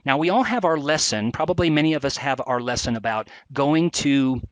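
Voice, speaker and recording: A man hosting a live educational webcast, talking with chatty enthusiasm and frequent fillers. His voice sits in an average pitch. The sound is dry and close, with no room echo. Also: animated, a little fast. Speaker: webcast presenter.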